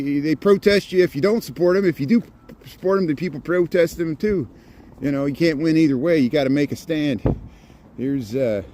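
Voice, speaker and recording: A man's voice: on the high side, darkish tone. Middle-aged man, Midwestern drawl, chatty walking live stream, outdoors, faint traffic behind. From rural Indiana. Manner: rambling, chatty, chuckles often. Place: outdoors in a snowy city park.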